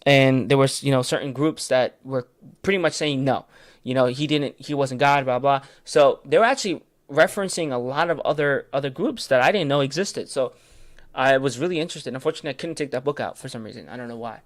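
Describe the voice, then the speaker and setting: A man's voice: mid-range voice, brisk, no echo, studio quality. A man leading a casual late-night Bible study stream, hesitant and full of fillers, stumbling over terms and correcting himself. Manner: answers viewers' comments in passing.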